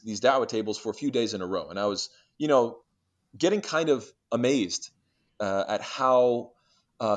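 A man being interviewed, telling stories in a lively way and acting out conversations, with many restarts and fillers. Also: medium pitch. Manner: animated storyteller who acts out exchanges, many restarts and fillers. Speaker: interview guest. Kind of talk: casual storytelling interview.

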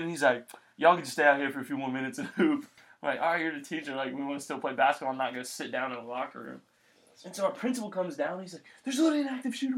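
Young man with a slightly high voice. He tells lively stories in a casual chat and acts out the other people in them. His voice is clear and fairly bright. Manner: animated storyteller, acts out quotes.

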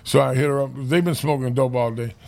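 A gravelly-voiced man spins a rough street story in loose, profane podcast chat. His voice has a rough fry to it, and his pitch sits mid-range for a man. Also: steady tone, a little fast, darkish tone. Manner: profane, streetwise, laughing while telling. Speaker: podcast regular telling a story.

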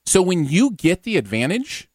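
A man's voice: high voice, moderate pace, no room sound, studio quality. A man co-hosting a radio show, joking and laughing often in casual news chat. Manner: animated, laughs often, jokey. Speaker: radio co-host.

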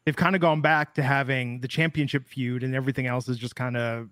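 A man's voice: medium pitch, steady tone, fairly quick, a bit bright, no echo. A man co-hosting a casual wrestling podcast, rambling with lots of fillers and wry jokes. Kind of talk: casual chat.

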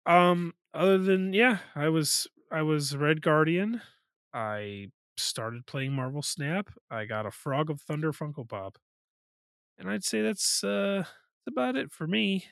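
A man's voice: a little high, expressive, measured pace, creaky, fairly bright tone, clean tone, no room sound. A man chatting casually on a podcast, playful, swearing freely and rambling through stories. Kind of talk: casual chat.

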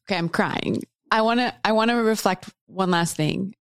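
A woman's voice: medium pitch, moderate pace, clean tone. A woman hosting a podcast, speaking earnestly and emphatically and repeating phrases for emphasis. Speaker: podcast host. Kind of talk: heartfelt conversation.

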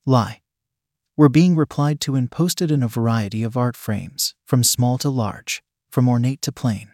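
A man reading a first-person story aloud in a measured, even storytelling manner. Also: medium pitch, no echo, clean studio sound. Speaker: audiobook reader.

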